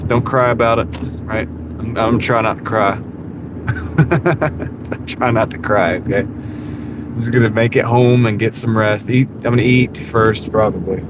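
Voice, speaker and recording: A man with a light Southern accent chats loosely while he drives, drifting from thought to thought and poking fun at himself. His voice sits at an ordinary middle pitch. Steady car and road noise hums under everything he says. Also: measured pace. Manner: rambling, easygoing, self-deprecating, talks to chat. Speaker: gig delivery driver streaming live. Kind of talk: casual live-stream chat while driving. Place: inside a car at night. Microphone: wireless clip-on mic.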